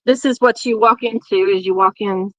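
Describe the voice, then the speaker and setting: A woman's voice: medium pitch, fairly even intonation, moderate pace, dry recording, rough recording. A woman with a Southern US accent giving a casual walking tour outdoors, talking while she films on her phone. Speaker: tour guide.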